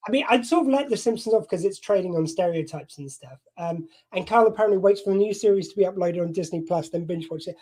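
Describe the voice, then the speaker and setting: A man hosting a casual streamed chat, making dry, quick remarks. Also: high-pitched, animated, mellow. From Britain.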